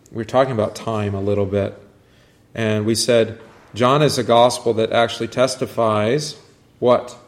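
There's an echo to the classroom where this fairly low-pitched man holds an informal Bible class. He meanders a bit, throws questions at his students, and grows animated as he quotes scripture.

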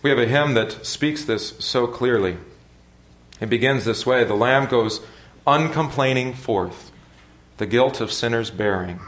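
A man's voice: mid-range voice, fairly bright tone. Man preaching in an echoey space. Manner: measured, earnest preaching with deliberate pauses. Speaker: pastor. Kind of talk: sermon.

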